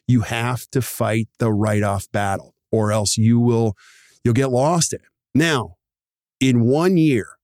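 A podcast host with a mid-range voice energetically explains practice numbers, acting out little dialogues and voicing other people in quick asides. The recording is dry and of studio quality.

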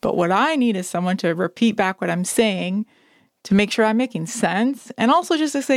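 Gravelly woman podcast host, dry sound. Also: a little high, moderate pace, no echo. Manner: reflective, acts out quoted phrases. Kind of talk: casual interview talk.

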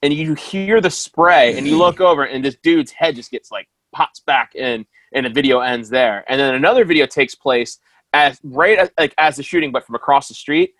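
A man in casual talk among friends, recounting a news video with lively acted-out quotes. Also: on the high side, normal speed, no room sound. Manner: animated storytelling, acts out quotes with shouts. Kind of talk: casual chat.

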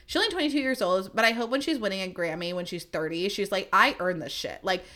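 A woman's voice: mid-range voice, quick pace, fairly bright tone. A young woman hosting a solo podcast, gushing and swearing as she rambles with lots of fillers, emotional and close to tears. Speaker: podcast host.

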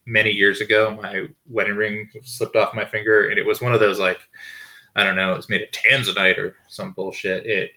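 A podcast host in his thirties records at home while dogs bark nearby, his fairly low voice sounding pushed and bright. He delivers a loose storytelling monologue that rambles, swears, and leans heavily on fillers.

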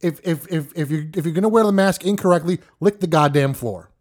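A man hosting a podcast, yelling a profane, exasperated rant. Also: a little high, brisk. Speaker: podcast host. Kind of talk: ranting monologue.

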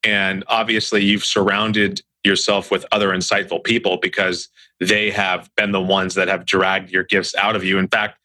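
Bright-toned male podcast host. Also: sits low, no echo. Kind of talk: interview questions.

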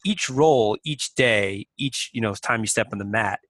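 A man being interviewed talks through his ideas with energy, acting out his own inner voice and often restarting sentences. His tone is bright and forceful. The recording is dry and close, with no room sound. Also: on the low side, a little slow, no echo, poor audio. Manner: animated storyteller who acts out his inner thoughts, many restarts. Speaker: guest, company president. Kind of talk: conversational interview.

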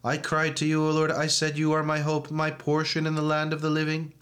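Man reading psalms in a flat monotone. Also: a little high, brisk. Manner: flat monotone recitation, chanting some verses. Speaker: reader at a church service. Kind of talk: liturgical reading and chanting.

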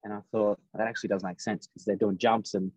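A man's voice: on the low side, fast talker, breathy edge, no echo, rough recording. A man, a race driver telling a story in casual podcast chat and acting out the lines of others. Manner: animated storyteller acting out quotes.

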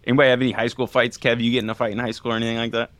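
A man co-hosting a sports podcast, a former walk-on who teases his co-hosts in quick, joking chat. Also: mid-range voice, little pitch movement, a bit bright, dry recording. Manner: teasing, fast, ribbing. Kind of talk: casual chat, teasing co-hosts.

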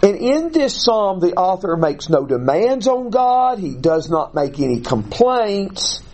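Male Bible teacher, high-pitched and unhurried, explains step by step and quizzes the class. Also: sing-song, a little mellow, low-quality recording. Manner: deliberate, explanatory, asks the class questions.

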